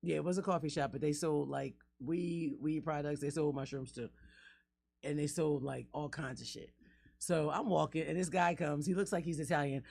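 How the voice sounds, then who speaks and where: A woman from North Philadelphia, a podcast co-host telling a story in casual, profane, animated talk. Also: low-pitched, normal speed, gravelly.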